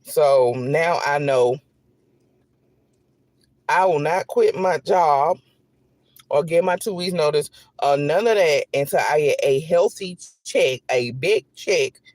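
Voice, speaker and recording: A man content creator telling an animated, repetitive storytime straight to his viewers. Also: on the high side, slow pace, no room sound. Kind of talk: storytime vlog.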